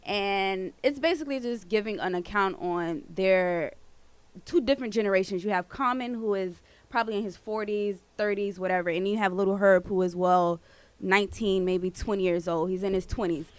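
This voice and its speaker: A woman's voice: medium pitch, moderate pace, clean tone, no echo. Bantering radio co-host woman, dry mic. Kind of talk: casual radio chat.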